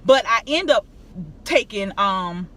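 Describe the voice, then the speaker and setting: A middle-aged woman tells a travel story to her viewers in a casual, emphatic, animated way. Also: medium pitch, takes it slowly. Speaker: vlogger.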